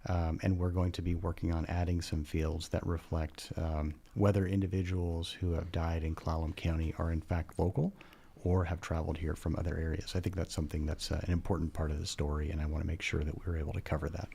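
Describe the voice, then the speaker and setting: A man giving a measured, earnest radio interview as a county coroner, pausing often with "uh". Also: low voice, level tone, creaky, warm tone, slightly rough. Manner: measured and earnest, with frequent "uh" pauses. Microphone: studio microphone.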